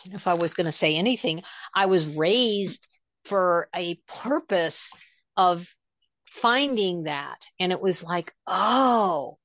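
Slow, rambling woman co-host, dull lo-fi sound. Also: lowish voice, animated, fairly bright tone, no room sound. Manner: meandering, halting, full of "you know" fillers. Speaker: co-host of a spirituality show. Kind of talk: casual conversational chat. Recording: dull lo-fi dry audio.

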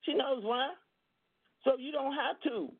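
A woman deliverance minister preaches a testimony in slow, drawn-out, emphatic phrases. Her voice sits fairly high with a gravelly edge. It comes through a tinny, phone-like line with a dry sound. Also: no room sound. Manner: emphatic, drawling storytelling.

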